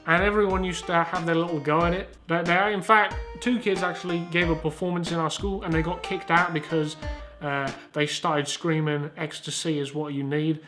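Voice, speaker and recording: A man's voice: a little high, a bit bright. A man in his twenties with a Southern English accent, hosting a casual comedic commentary in a rambling, sweary, self-mocking way. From Southern England. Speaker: YouTuber host.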